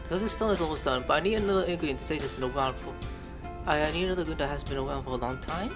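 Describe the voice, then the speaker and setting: A man's voice: a little high, rapid-fire. A man giving casual let's-play commentary, reading on-screen text aloud, spelling out words letter by letter, and swearing when surprised. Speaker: gameplay streamer. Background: game music.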